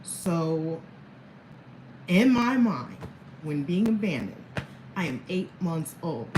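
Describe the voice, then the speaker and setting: A woman in her thirties rambles candidly to camera for a casual personal vlog, chuckling between thoughts. Her voice is on the low side, sing-song, slow and a little mellow. The room is echoey, with faint background ambience and slight noise.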